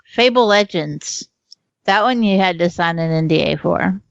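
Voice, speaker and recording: A woman's voice: on the low side, unhurried, creaky, no echo. Giggly woman podcaster on a dull mic. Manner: giggly, excitable. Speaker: podcast co-host. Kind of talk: casual podcast chat.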